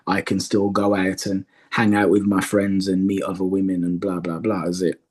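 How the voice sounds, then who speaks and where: A man guesting as a dating coach on a podcast, calmly explaining his view with examples. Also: low-pitched, slightly rough. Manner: measured, explains by example with acted quotes. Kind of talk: casual podcast conversation.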